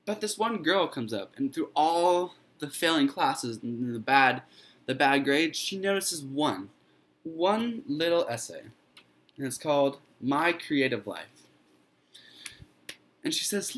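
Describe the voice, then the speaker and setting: A man's voice: medium pitch, fairly bright tone. A man telling a fairy tale he made up, in a loose, informal way with fillers and restarts. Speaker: student storyteller.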